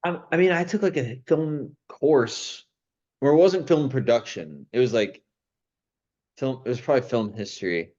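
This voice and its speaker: A man's voice: medium pitch, moderate pace, darkish tone, highs cut off. A young man in casual chat, rambling with many restarts and plenty of enthusiasm. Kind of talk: casual chat about old movies.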